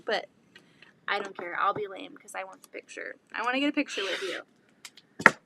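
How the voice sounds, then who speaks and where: A woman in her thirties chatting casually while sewing, rambling about her kids and often quoting people in an excited voice. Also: medium pitch, moderate pace, slight background noise. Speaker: quilting vlogger and mother. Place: home sewing room.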